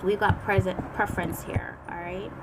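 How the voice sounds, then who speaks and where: A woman from Jamaica hosting a live tarot reading, chatting and thinking aloud with drawn-out fillers. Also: lowish voice, little pitch movement, heavy background noise. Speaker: tarot reader. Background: loud background music.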